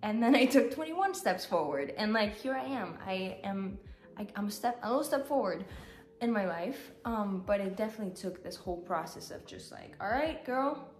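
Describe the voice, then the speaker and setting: A woman's voice: medium pitch, animated, normal speed. Candid woman vlogger, echoey room. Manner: candid, rambling, heavy on "like", tearful at times. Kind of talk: emotional personal update. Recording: roomy echo, faint music.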